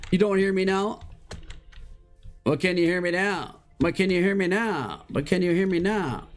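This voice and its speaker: A streamer chatting live over gameplay in slangy, excitable talk that breaks into high shouts and exclamations. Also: normal speed, faint music behind. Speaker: Minecraft streamer.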